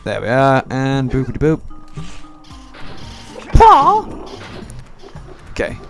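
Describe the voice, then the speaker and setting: A man's voice: medium pitch, expressive, a little fast. Rambling young man gaming, music behind. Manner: rambling, joking, swearing. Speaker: gameplay commentator. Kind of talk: casual let's play commentary. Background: game music.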